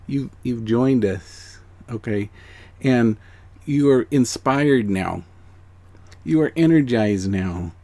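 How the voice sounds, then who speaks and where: In a dry recording, a mid-range male voice belongs to an angel card reader giving viewers a heartfelt, emotional reading. He encourages earnestly, alternating quiet near-whispers with excited emphasis, repeating phrases and often checking in with "okay?"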